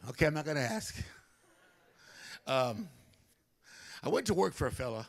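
An older male pastor telling a story during a sermon, animated, acting out other people's voices. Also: fairly high pitch, normal speed. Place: church.

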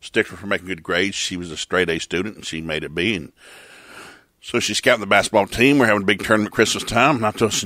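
Older guy, folksy storyteller, low voice with a bright edge. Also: steady tone, fast, dry recording, clean studio sound. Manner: folksy, laughing, acts out voices in stories. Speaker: pastor and podcast host. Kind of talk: casual storytelling chat.

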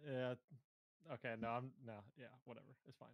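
Gravelly man shrugging off bad luck. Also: mid-range voice, flat delivery, a little fast. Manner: rambling, resigned, filler-heavy. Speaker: speedrunner. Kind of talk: casual commentary chat.

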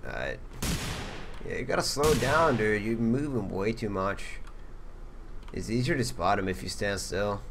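A young man chatting and trash-talking over a game, joking around and breaking into loud laughs. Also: lowish voice, lively intonation, unhurried, vocal fry, long pauses, background noise. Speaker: gaming channel host. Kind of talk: casual gaming banter.

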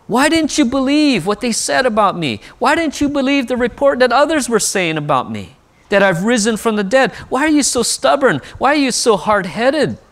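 A man's voice: sits high, huge pitch swings, measured pace, creaky, hardly any pauses, a bit bright, pitched above the performer's own voice, full character voice. A man voicing Jesus as an exasperated man chiding a stubborn friend with pointed, incredulous questions.

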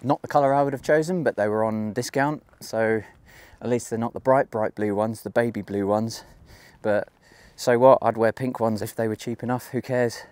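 A man's voice: on the low side, fairly even intonation, moderate pace, few pauses, a little mellow, no room sound. A man talking casually to the camera while hiking outdoors on a mountain trail, thinking aloud and joking at his own expense. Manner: chatty, thinking aloud, self-mocking. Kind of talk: casual walking vlog.

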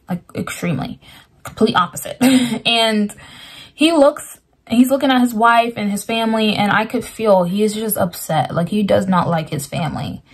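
A woman's voice: mid-range voice, breathy edge. A woman casually retelling a dream, talking in loose, rambling sentences full of "like", and earnestly explaining its meaning with scripture. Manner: rambling, lots of "like" fillers. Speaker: Christian dream sharer.

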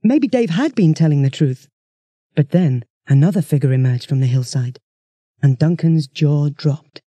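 Mellow storybook narrator. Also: medium pitch, normal speed, husky, dry recording. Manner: steady, expressive storytelling. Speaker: audiobook reader.

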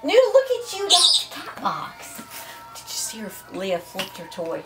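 A woman's voice: mid-range voice, wildly swooping pitch, normal speed, over loud music. A woman in a casual home video, cooing to her pets in sing-song baby talk at home. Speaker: pet owner.

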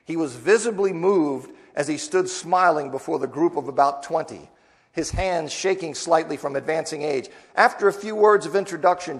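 A man with a slightly high voice teaches a Bible class from the pulpit, with a big-room sound to the recording. He first reads a story aloud, then unpacks it in a relaxed, conversational teaching style.

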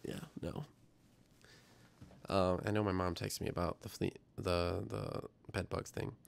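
A man's voice: low-pitched, little pitch movement, unhurried, creaky. A young man hosting a science livestream, chatting casually and rambling as he reads viewer comments aloud. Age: young adult. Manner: rambling, reads chat aloud, self-deprecating. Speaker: livestream science show host.

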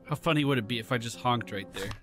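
A man's voice: medium pitch, fast. A man doing playful let's-play commentary, chatting with game characters and laughing along. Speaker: gaming YouTuber. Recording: faint background game music.

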